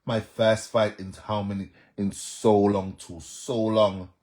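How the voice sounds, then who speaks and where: A man's voice: lowish voice, takes it slowly. A young man with a Jamaican accent, chatting casually on a live stream and answering viewers by name. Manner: animated, reads out viewer comments and answers them.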